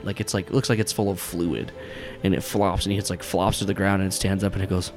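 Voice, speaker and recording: A man's voice: deep voice, level tone, fast talker, music in the background. A man narrating as game master in a tabletop game, rambling with lots of fillers and swearing.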